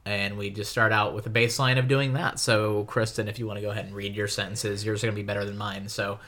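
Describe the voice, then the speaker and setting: A woman's voice: very deep voice, level tone, fast talker, a bit bright. A woman co-hosting a podcast in casual chat, joking and self-deprecating, laughing easily. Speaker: podcast co-host.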